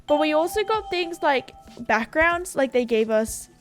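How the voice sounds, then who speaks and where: An Australian woman with a voice pitched a touch above the usual, talking to her viewers in a loose, rambling way. She keeps stringing thoughts together with "like" and "you know", sounding relaxed and conversational. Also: a little slow, over music. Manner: rambling and chatty, full of fillers like "like" and "you know". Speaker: gaming YouTuber. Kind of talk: casual chat.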